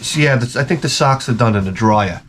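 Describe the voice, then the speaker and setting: A man's voice: medium pitch, a little fast, noisy background. A man telling a rambling, profane comic story in a casual rant as a gaming video host. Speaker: retro gaming YouTuber.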